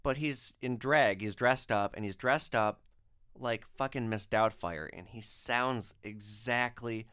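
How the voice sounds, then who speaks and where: A man's voice: lowish voice, a little slow, a bit bright, smooth. A man hosting a podcast, telling stories casually with loose, profane phrasing and lots of filler words. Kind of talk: casual storytelling.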